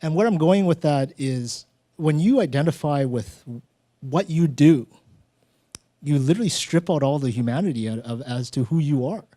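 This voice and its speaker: On stage at a live storytelling show, a male host talks in a relaxed, conversational way and acts out little exchanges from his own stories. His voice is a little high, at normal speed, and the recording is dry.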